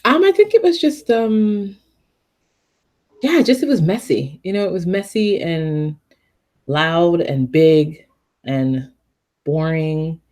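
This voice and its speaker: A woman's voice: lowish voice, animated, slow, long pauses, a little mellow. A woman co-hosting a casual podcast, answering hesitantly with many fillers as she searches for words. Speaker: podcast co-host. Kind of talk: casual chat.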